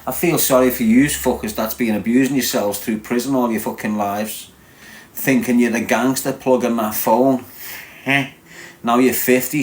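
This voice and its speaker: A Scouse man in his forties talks on a live stream, brash and loud-mouthed. He swears freely and mocks his viewers with crude humor. His voice sits at an ordinary middle pitch for a man. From Liverpool, England. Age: 40s.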